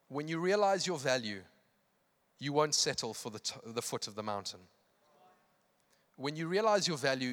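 This evening sermon comes from a male pastor whose medium-pitched voice has a fairly bright tone. He preaches with passion and emphasis, circling back on phrases for effect, as the church hall's long reverb trails behind him.

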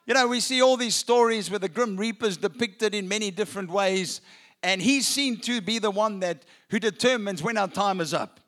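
A male pastor delivers an Easter sermon to a church congregation. His voice sits high for a man, and he slows down and pauses to let key lines land. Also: a bit bright. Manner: preaching with dramatic pauses, slowing for emphasis. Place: church with a balcony.

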